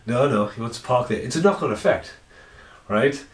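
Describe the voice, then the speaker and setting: A man's voice: mid-range voice, expressive, normal speed. A man, talking casually to camera in a rambling, sweary way at home. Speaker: vlogger. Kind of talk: casual ranting vlog. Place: at home indoors. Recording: roomy echo.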